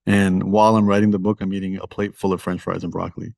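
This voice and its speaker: A man with a Toronto accent speaks as a guest author in a laid-back podcast interview. He is open and self-deprecating, and his fairly deep voice comes across dry and close, with no room sound. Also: little pitch movement, quick pace, gravelly, darkish tone, no echo. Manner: candid, self-deprecating, conversational.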